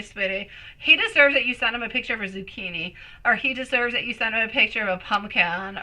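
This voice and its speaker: Bright-voiced woman reading tarot live. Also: high-pitched, low-quality recording. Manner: affectionate, calls viewers sweetie and my love; emotive, swings between excited and soft. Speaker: tarot reader.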